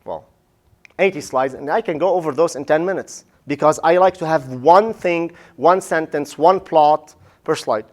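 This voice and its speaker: A male professor giving a casual, animated lecture on public speaking. He often asks "right?" and acts out the listeners' reactions. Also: on the high side, moderate pace. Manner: casual, says "man" and "right?".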